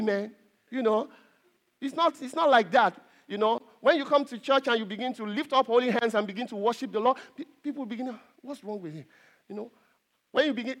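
A pastor preaching an earnest sermon to his congregation, repeating phrases and pausing on fillers. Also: extremely high pitch, fairly bright tone.

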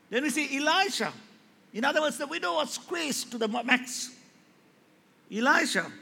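Male pastor, high bright voice, animated sermon, echoey hall. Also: creaky, breathy edge. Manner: rises to loud impassioned preaching, acts out quoted voices. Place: large church hall. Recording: echoey hall with faint ambience.

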